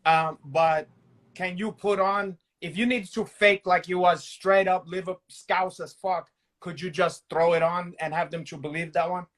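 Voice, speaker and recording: A man with a notably high speaking voice co-hosts a loose interview. He teases the guest, jokes around and swears casually. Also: steady tone, moderate pace, fairly bright tone. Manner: joking, teasing, swears. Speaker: co-host.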